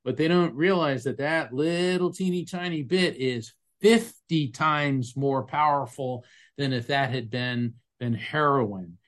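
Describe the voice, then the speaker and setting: This is a man talking in an interview with an earnest, emphatic manner. He tells his stories at a medium pitch and describes physical sensations vividly, as a medium and former attorney. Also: unhurried, a bit bright. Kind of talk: conversational interview storytelling.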